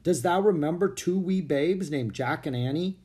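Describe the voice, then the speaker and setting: A man's voice: on the high side, normal speed, dark tone, voice pushed up, close to an everyday voice. A man doing a courtly, friendly colonial governor. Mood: warm. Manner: courtly, old-fashioned speech.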